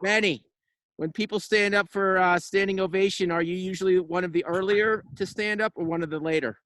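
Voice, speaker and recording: A radio host with a high-pitched voice runs a loose, chatty conversation. He fires off quick questions. His voice sounds dry and close. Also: steady tone, a bit bright, dry recording. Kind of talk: casual chat. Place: backyard, outdoors.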